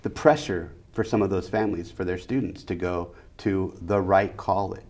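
A middle-aged man with a very low, deep voice, talking as an educator in an interview. He hammers his points home, stacking short phrases into rhythmic lists. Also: fairly even intonation, normal speed, darkish tone. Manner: emphatic, repeats key phrases in rhythmic lists. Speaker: educator and school leader. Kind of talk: interview conversation.

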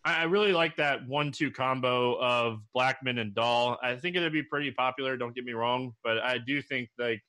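A man's voice: mid-range voice, moderate pace, few pauses, pushed and bright. A man giving fantasy baseball picks in a casual chat, with many "like" fillers. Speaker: co-host analyst. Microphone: desk mic.

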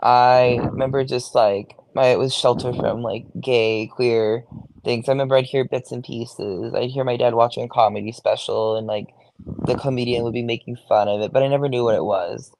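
A man's voice: mid-range voice, fairly even intonation, normal speed, creaky, darkish tone, slight background noise. A young man, a go-go dancer, talking casually in an interview, chatty, swearing freely and saying "like" a lot. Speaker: guest, go-go dancer.

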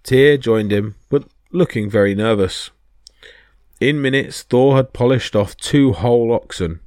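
A man's voice: medium pitch, a little slow, no room sound, studio quality. A man narrating myths as a podcast storyteller, reading expressively. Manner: expressive reading that voices each character.

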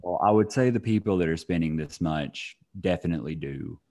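A man's voice: deep voice, a little fast, warm tone. A young man co-hosting a casual podcast, dry and wisecracking. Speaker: podcast co-host.

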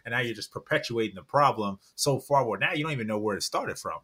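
A man's voice: fairly low pitch, fast talker, hardly any pauses, a bit bright, slight background noise. A man in his thirties talking earnestly in a casual podcast chat, rambling and repeating words as he acts out little quotes. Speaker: podcast guest author.

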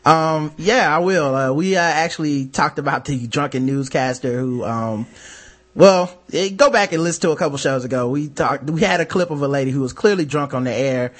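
A man hosting a podcast in casual chat, relaxed and profane, with many ums and uhs. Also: a little high, normal speed. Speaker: podcast host.

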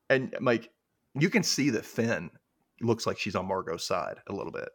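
A man's voice: lowish voice, lively intonation, normal speed. A man hosting a podcast, casually retelling a TV episode in a chatty way. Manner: chatty retelling, full of "like" and "you know". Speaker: podcast host recapping a TV episode. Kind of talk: casual chat.

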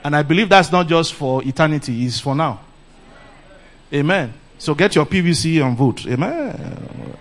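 A middle-aged man from Nigeria with a Nigerian accent, preaching a lively sermon and laughing often. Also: on the high side, normal speed. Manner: animated, laughs often, calls "Praise the Lord". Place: church camp meeting.

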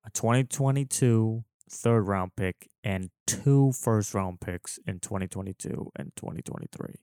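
A man co-hosting a sports podcast, steering the conversation back on track in an unhurried way. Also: on the low side, warm tone, smooth, no echo, studio quality. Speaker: podcast co-host. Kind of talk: casual sports chat.

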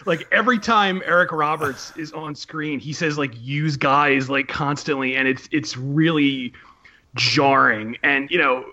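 Bright-voiced man chatting about films. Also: a little high, measured pace. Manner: chatty, hesitant with many ums. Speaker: podcast co-host, film writer. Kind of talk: casual chat.

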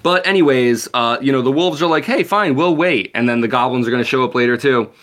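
A man's voice: medium pitch, fairly even intonation, fast talker, a bit bright. A man casually summarizing a book chapter on a podcast, laid-back and profane, with lots of fillers and "like". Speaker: podcast co-host. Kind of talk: casual book-club chat.

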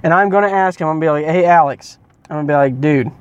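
A man's voice: a little high, quick pace, clear, resonant tone, dry recording, lo-fi sound. A man hosting a podcast in casual chat, teasing his co-hosts and throwing out provoking questions. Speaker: podcast host.

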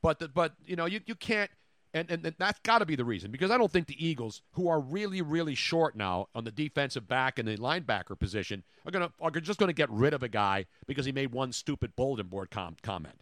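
A man hosting sports talk radio, riffing in sarcastic, rapid jokes into a studio mic. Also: mid-range voice, animated, a bit bright, no echo. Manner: sarcastic, rapid joking riffs.

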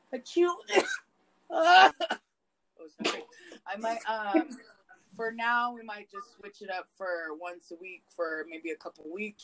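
A woman co-hosting a podcast, telling stories in casual chat, swearing a lot and swinging her pitch up and down. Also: low-quality recording. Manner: profane, animated storytelling with big swings in pitch. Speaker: podcast co-host.

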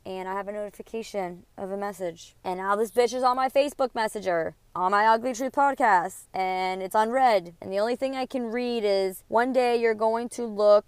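An indignant woman in her thirties vents a personal story on her podcast, cursing freely as she rambles from one grievance to the next. Her voice is smooth and clear, and the recording is close and dry. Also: mid-range voice, no room sound. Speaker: podcast host.

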